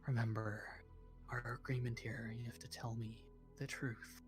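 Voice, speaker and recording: A man voicing a scheming, quietly threatening woman adventurer in a hushed whispered role-play. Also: medium pitch, level tone, moderate pace, over music, natural voice. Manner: whispering close to a captive's ear.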